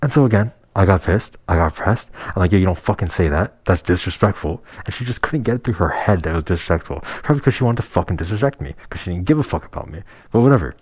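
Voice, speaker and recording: A man's voice: deep voice, animated, very fast, hardly any pauses, darkish tone, slightly rough, no room sound. A young man telling a personal story in a casual, heated and profane way. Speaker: vlogger.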